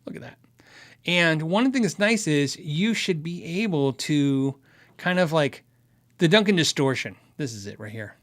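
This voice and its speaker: Chatty man with a slightly high voice. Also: expressive, normal speed, a bit bright. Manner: chatty, rambling with restarts. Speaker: host answering viewer questions. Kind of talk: casual livestream Q&A. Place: Arizona.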